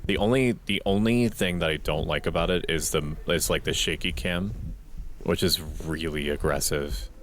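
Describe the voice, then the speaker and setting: Very deep-voiced man talking quietly. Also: a little hiss or hum. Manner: quiet, deliberate monotone. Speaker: streamer. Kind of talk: casual gameplay commentary. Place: home at night.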